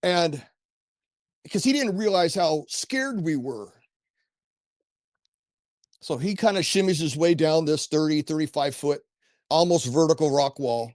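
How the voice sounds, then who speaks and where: A man's voice: fairly high pitch, lively intonation, a little slow, long pauses, darkish tone, no room sound, studio quality. A middle-aged man telling a personal story as a podcast guest, earnest and rambling, with restarts and asides. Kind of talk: casual first-person storytelling.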